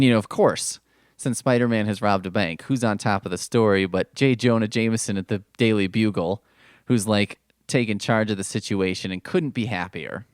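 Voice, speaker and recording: A man's voice: on the low side, clean tone, no room sound, clean studio sound. A man hosting a podcast, chatting casually about an old comic book, rambling with plenty of swearing and asides. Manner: rambling, profane, full of asides. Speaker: podcast host.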